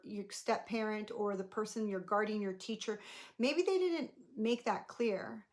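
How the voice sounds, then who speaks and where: A woman life coach and podcast host giving casual motivational talk to camera, conversational and rambling with lots of fillers, turning soft and gentle when she reassures. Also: medium pitch.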